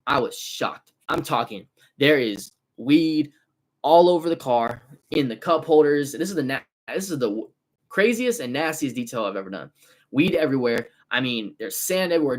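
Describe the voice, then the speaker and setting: A Bay Area guy in his twenties who owns a car detailing business, he talks on a laid-back livestream using animated, slangy street language. His pitch leans somewhat high.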